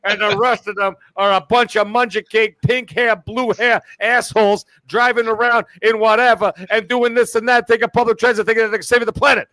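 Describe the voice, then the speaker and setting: A brash, vulgar loudmouth tears through his boasts at a breakneck pace, as a man puts him on for a comedy bit. The voice sits high and bright with a pushy edge. The sound is dry and close. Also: little pitch movement, no room sound. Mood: ranting. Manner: boastful, rapid ranting, crude.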